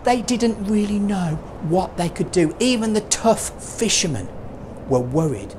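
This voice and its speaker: A man's voice: high voice, very animated, unhurried, noisy background. A man and children's puppeteer telling a Bible story in a playful, dramatic way. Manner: playful, dramatic, with lots of vocal swings.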